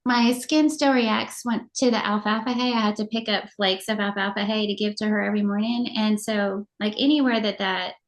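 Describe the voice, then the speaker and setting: A middle-aged woman co-hosting a casual chat show, telling animated stories and laughing often. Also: medium pitch, normal speed, hardly any pauses. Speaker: podcast co-host.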